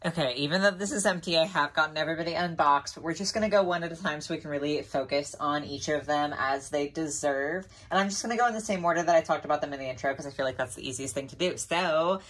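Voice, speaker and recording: A woman casually chatting through a doll haul video, talking with lots of fillers and soft laughs, openly emotional and grateful. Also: sits low, fast talker, hardly any pauses. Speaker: doll collector vlogger.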